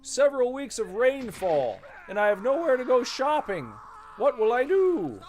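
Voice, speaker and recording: A man mocking a complaining shopper in a shrill, whining voice. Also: big pitch swings, moderate pace, a little mellow. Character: whiny shopper stuck home in the rain.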